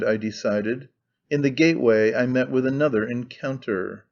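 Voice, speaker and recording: A man reading an audiobook in a measured, even storytelling manner. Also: mid-range voice, lo-fi sound. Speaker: audiobook reader. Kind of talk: scripted narration.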